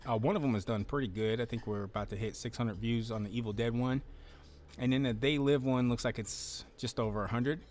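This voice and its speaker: A man's voice: mid-range voice, fairly quick, darkish tone, a little hiss or hum. A man hosting a casual livestream, rambling in a laid-back way, swearing now and then, talking into a close desk mic at home. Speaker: livestream host. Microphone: desk mic, close then moved closer.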